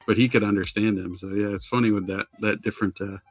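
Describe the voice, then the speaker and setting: A man's voice: on the low side, fairly even intonation, fast. A man co-hosting a podcast in casual chat, rambling with many restarts and fillers. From Maine. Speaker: podcast co-host.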